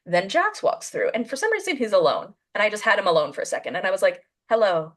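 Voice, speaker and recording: A woman hosting a podcast over a video call, telling a story in a casual, animated way and acting out the voices of the people she quotes. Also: medium pitch, quick pace.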